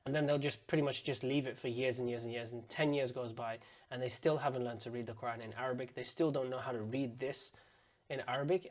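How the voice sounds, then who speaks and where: A man teaching word-by-word pronunciation, patiently sounding out words slowly and repeating them for learners. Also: medium pitch. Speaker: Arabic and Quran teacher. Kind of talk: pronunciation lesson.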